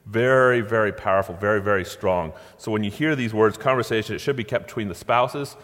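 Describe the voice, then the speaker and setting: A man's voice: fairly low pitch, brisk, a bit bright. A middle-aged man preaching in a conversational way, acting out quotes with a playful touch. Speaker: pastor. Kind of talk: sermon. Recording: long hall reverb.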